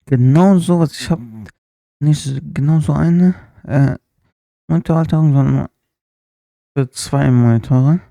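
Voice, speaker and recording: A man's voice: fairly high pitch, fairly even intonation, measured pace, vocal fry, long pauses, warm tone, no echo, soft background music. A man streaming a live reaction, chatting casually with asides while he watches a video.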